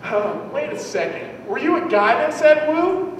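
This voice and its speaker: A man's voice: very high voice, sing-song, measured pace. A young man doing a rambling, self-mocking stand-up set and riffing with the crowd. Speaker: stand-up comedian. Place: live comedy venue with an audience. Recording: echoey hall recorded from far off.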